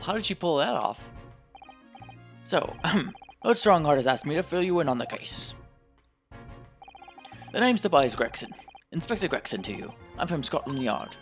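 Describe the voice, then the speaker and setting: A man voicing a proud, gruff middle-aged British police inspector in a game let's play, loud and huffy, with a British accent. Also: on the high side, big pitch swings, normal speed, long pauses, soft background music, pitched above the performer's own voice. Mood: brusque.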